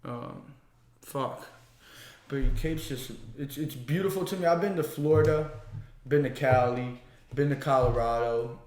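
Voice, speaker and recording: A young amateur kickboxer from Missouri, appearing as a podcast guest, tells stories in casual chat with a mid-range voice and a slightly slow pace. He swears a lot, restarts often, and rambles animatedly. The audio is reverberant.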